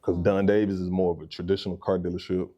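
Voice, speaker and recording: Deep Southern man telling lively stories. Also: quick pace, muffled recording. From Mississippi. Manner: animated storyteller acting out quoted voices. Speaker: guest, real estate agent. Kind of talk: casual storytelling interview.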